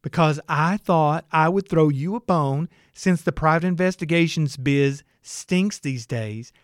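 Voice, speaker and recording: A man voicing a curt woman who answers in sharp, clipped retorts, raised well above his own pitch. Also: unhurried, no echo, studio quality, lightly acted. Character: curt woman on the phone, girlfriend.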